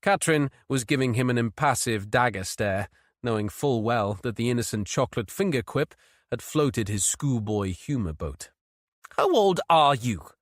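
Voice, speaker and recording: Man, audiobook narrator, scripted narration, measured, mid pitch, dry close sound. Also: dry recording.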